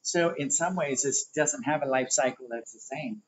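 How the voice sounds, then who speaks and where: A man's voice: medium pitch, moderate pace, a little hiss or hum. A man teaching a livestreamed spiritual workshop, rambling and conversational while he explains diagrams. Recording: dull lo-fi livestream audio.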